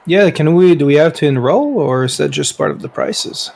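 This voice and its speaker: Higher gravelly man at play. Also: lively intonation, normal speed, a little mellow. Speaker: player. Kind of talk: in-character tabletop play.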